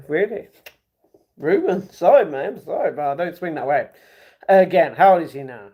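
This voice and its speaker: A man's voice: on the high side, lively intonation, moderate pace, mellow, husky. Chatty man reading his stream chat. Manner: chatty, banters with viewers, slangy. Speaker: livestream host reading chat. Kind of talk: casual live stream chat.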